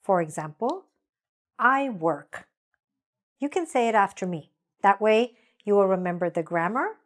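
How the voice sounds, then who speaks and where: A woman teaching an English grammar lesson, speaking deliberately and leading repeat-after-me drills. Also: mid-range voice, expressive. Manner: slow, deliberate, drills with repetition.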